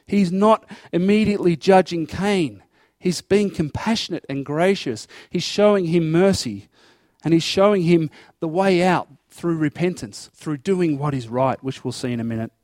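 A man's voice: high-pitched, unhurried, a little mellow, no room sound, studio quality. A man preaching a sermon, explaining scripture verse by verse and acting out dialogue in an earnest tone. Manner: earnest expository preaching, acting out God's voice in quotes.

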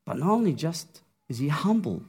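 A man preaching a sermon, with a slow, dramatic delivery that swings from hushed to raised. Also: on the high side, big pitch swings, slightly rough.

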